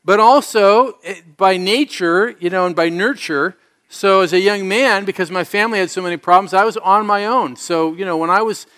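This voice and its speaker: A middle-aged male pastor preaches to his congregation, his voice sitting a touch higher than most men's. He is an earnest storyteller with a streak of self-mocking humor. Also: normal speed, a bit bright, clear, resonant tone. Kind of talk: sermon. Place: church service before a congregation.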